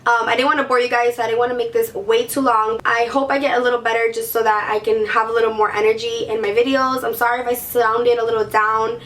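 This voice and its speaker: A woman's voice: a little high, little pitch movement, fast talker, hardly any pauses, a bit bright, recorded from a distance, a little hiss or hum. A woman beauty vlogger chatting to camera while sick with a sore throat, gushing and peppering her talk with "like". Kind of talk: casual chat to camera.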